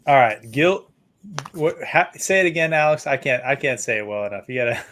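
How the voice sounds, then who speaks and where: Host, male, casual book chat, lively and quick to laugh. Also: mid-range voice, slight background noise. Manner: animated, laughs often, reads passages aloud.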